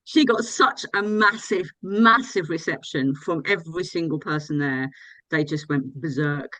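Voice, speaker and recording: A woman's voice: low-pitched, measured pace, sharp tone, no room sound, rough recording. Enthusiastic woman fan, dry close sound. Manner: enthusiastic, gushing. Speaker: fan being interviewed. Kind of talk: casual interview chat.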